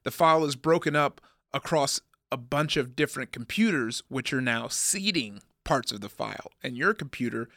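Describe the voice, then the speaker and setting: A man's voice: medium pitch, expressive, normal speed, few pauses, a bit bright, no echo, clean studio sound. A man in his thirties co-hosting a podcast, rambling and joking, laughing often. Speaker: podcast co-host. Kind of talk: casual chat.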